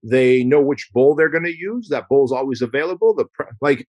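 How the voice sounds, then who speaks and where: A man's voice: medium pitch, fairly quick, darkish tone, dry recording, muffled recording. A man speaking as a podcast guest in casual, emphatic conversation, often acting out quoted exchanges and swearing casually.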